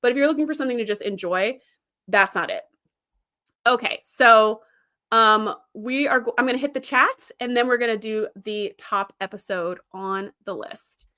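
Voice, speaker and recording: A woman hosting a casual livestream, chatting about episodes with many fillers and lively retellings. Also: fairly high pitch, moderate pace. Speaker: host.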